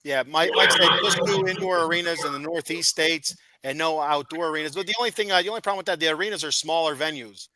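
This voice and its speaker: A man's voice: a little high, fast talker, few pauses, heavy background noise. A man hosting a wrestling podcast, talking casually and explaining at length with stammering restarts. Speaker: podcast host.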